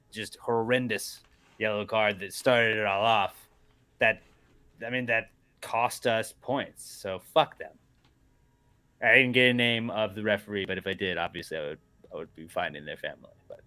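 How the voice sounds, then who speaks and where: Bright-voiced indignant male podcast co-host. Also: fairly low pitch, dry recording. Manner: indignant ranting, deadpan jokes. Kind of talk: casual sports chat.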